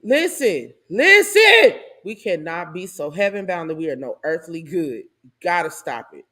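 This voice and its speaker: A woman hosting her own channel, giving a casual and animated commentary monologue with a preachy tone and laughing asides. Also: sits low, normal speed. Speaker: host.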